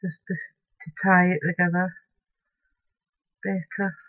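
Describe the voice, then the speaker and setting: A woman's voice: fairly low pitch, little pitch movement, slow pace, no room sound. Chatty woman crafting, dull recording. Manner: chatty, mutters to her materials. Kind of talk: crafting tutorial narration.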